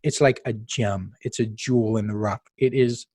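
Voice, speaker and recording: A man's voice: lowish voice, fairly even intonation, moderate pace, a little mellow, husky, dry recording. A man hosting a podcast, talking casually and emphatically, telling stories with asides to the listener. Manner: chatty, emphatic, storytelling with asides. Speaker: podcast host.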